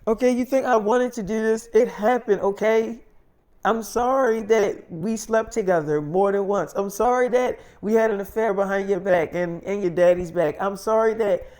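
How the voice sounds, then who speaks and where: Brief: a man playing a scheming mother confessing, soft and hushed, fairly high voice. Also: normal speed, natural voice. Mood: defensive. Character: scheming adult woman, a mother confessing an affair.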